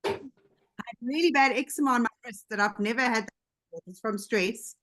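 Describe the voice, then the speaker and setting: A woman on a video call telling her own story in a lively, chatty way, slipping into quoted dialogue. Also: a little high, moderate pace. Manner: animated, jumps into quoted dialogue. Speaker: team member sharing her story on a call. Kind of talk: casual storytelling.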